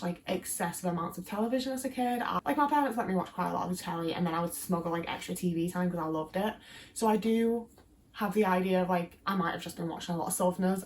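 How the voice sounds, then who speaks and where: A young woman from England, her accent Midlands mixed with Liverpool, rambles casually to camera for her YouTube channel, leaning on lots of fillers. Her pitch sits fairly low, and the audio carries a slight hiss or hum.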